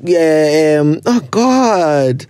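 A young Ghanaian man with a high voice hosts a podcast in a loose, playful chat. He laughs easily and drifts between English and local pidgin. The recording is dry and close, with no room sound. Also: expressive, extremely slow, a little mellow, clear, resonant tone, no room sound. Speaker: podcast host. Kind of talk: casual chat.

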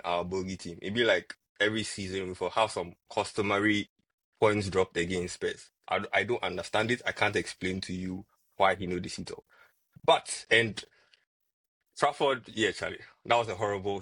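Husky man talking football. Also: on the low side, no echo. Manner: animated, repeats words when arguing. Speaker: podcast co-host, football fan. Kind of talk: casual football chat.

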